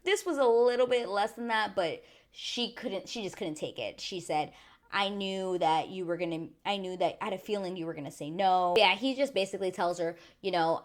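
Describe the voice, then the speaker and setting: A woman talks straight to her viewers in a casual, chatty recap. Her voice sits a little low, and she keeps it lively by acting out what people said. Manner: chatty and animated, acting out quotes. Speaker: YouTube reviewer.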